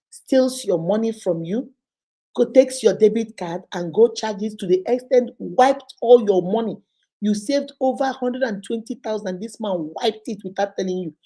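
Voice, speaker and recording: A woman's voice: medium pitch, warm tone, husky. A Nigerian woman, a relationship counselor and host, telling a story and probing by repeating a person's words back in long lists. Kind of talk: storytelling advice talk.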